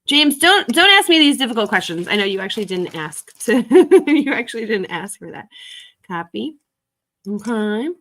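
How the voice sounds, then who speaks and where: Woman, fairly high voice, casual live-stream chat, chatty, laughs often, resale host. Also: big pitch swings, moderate pace, bright, forceful tone. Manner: chatty and giggly, talking to viewers.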